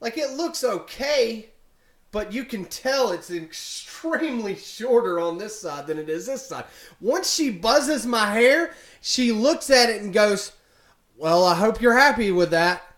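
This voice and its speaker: Young guy venting about a haircut, higher voice, lots of "like" and "you know", roomy echo. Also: lively intonation, a little slow, a bit bright. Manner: rambling, filler-heavy retelling of a complaint. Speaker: vlogger. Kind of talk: casual storytelling to camera. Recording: echoey room.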